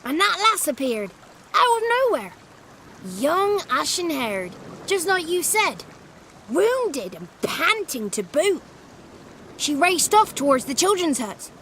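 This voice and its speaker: A cheeky little swamp sprite. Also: female voice, extremely high pitch, big pitch swings, slow, fairly bright tone, a little hiss or hum, exaggerated voice. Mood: sly. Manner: chatty, cheeky, pleading. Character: small mischievous male swamp sprite, cheeky. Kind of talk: video game cutscene acting.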